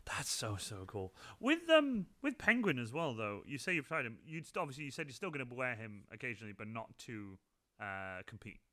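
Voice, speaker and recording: A woman's voice: a bass voice, sing-song, fairly quick, a bit bright. A woman hosting a livestream chat, enthusiastic, echoing her guest's answers with praise and frequent laughter. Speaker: livestream host. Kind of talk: casual interview chat.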